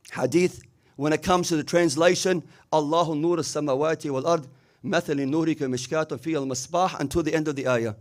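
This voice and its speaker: High-voiced man preaching emphatically. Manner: emphatic storytelling with frequent rhetorical "huh?" asides; mixes English with Arabic religious phrases. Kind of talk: sermon. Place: community religious hall.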